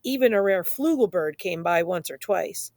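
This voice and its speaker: A woman reading a children's picture book aloud in a playful, expressive way, speaking straight to young listeners. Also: lowish voice, moderate pace, creaky, dry recording. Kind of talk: children's story read-aloud.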